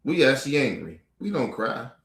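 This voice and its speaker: A man's voice: mid-range voice, sing-song, moderate pace, fairly bright tone, reverberant. A man hosting a commentary show, ranting angrily and profanely at clips with mocking rhetorical questions. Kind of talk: profane angry reaction rant.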